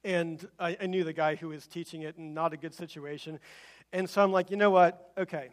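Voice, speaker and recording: High-voiced preacher telling a story. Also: male voice, fairly quick. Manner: animated storytelling, acts out quoted voices; rising to emphatic exhortation. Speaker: pastor. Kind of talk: sermon with personal story.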